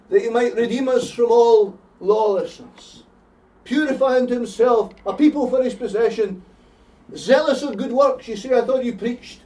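Fervent Scottish preacher in an echoey hall. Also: male voice, very high-pitched, normal speed, warm tone. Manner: fervent, repeats phrases for emphasis. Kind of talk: evangelistic sermon. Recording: echoey hall, heard from a distance.

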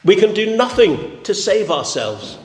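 A man's voice: sits high, sing-song, measured pace. A man preaching a sermon with an emphatic, repetitive cadence. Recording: echoey hall.

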